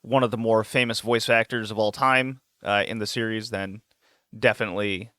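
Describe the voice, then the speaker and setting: Bright-voiced male podcast host. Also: fairly low pitch, fairly even intonation, normal speed, no echo, studio quality. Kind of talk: casual podcast chat.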